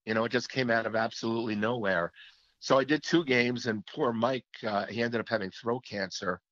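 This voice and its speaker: A man's voice: medium pitch, a little fast, a bit bright, dry recording. A man who is a former hockey play-by-play announcer, telling stories in an interview in a reflective way, often restarting his sentences. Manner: reflective storytelling with frequent restarts. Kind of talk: reminiscing interview talk. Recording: slightly muffled lo-fi audio.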